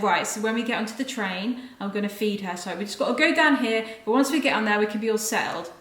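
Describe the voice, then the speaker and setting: A mother vlogging at home, telling a story to her viewers in a chatty, animated way. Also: fairly high pitch, roomy sound. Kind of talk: casual vlog storytelling. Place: London home, indoors.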